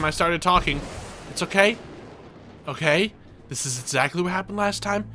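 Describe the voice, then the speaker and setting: A man giving excitable let's play commentary, reading game dialogue aloud and yelping when things go wrong. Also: high voice, measured pace, pauses often, slight background noise. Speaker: gaming video creator.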